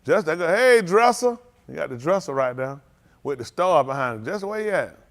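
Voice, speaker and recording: A man's voice: on the high side, sing-song, normal speed. A man, leading a congregation and greeting livestream viewers by name in a joking, teasing, casual way. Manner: joking, teasing, calls out names.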